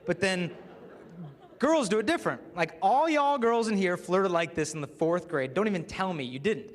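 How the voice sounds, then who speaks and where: A man giving a public talk to a live audience, telling stories in a lively way and acting out the people he quotes. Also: sits high, normal speed. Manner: lively storyteller who acts out the people he quotes. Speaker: speaker. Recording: long reverb of a large hall.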